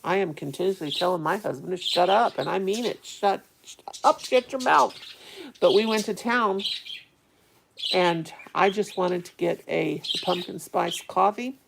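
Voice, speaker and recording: A woman's voice: on the low side, moderate pace, creaky, background noise. A middle-aged woman, rambling casually to her live-stream viewers and answering their chat. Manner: rambling, chatty, talks to viewers. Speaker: vlogger reading live chat.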